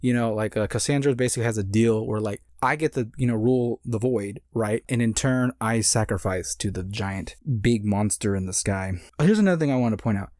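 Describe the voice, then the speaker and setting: A man's voice: fairly low pitch, a little fast, hardly any pauses, a little mellow, dry recording, studio quality. A young man giving a loose, rambling casual recap of a movie, full of fillers and restarts. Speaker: movie reviewer.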